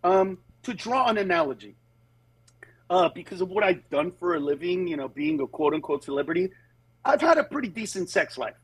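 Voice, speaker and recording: A man who works as a comedian, telling candid stories in conversation and moving between animated voices and earnest, steady points. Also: high voice, brisk, breathy edge, no echo, poor audio. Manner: animated, jumps into voices of other people mid-story. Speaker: comedian guest.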